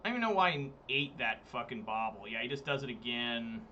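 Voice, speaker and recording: A man's voice: medium pitch, expressive, fairly quick, pushed and bright, lo-fi sound, a little hiss or hum. A man streaming a card game, giving casual, exasperated commentary, swearing and talking to his chat. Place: home room, hot day.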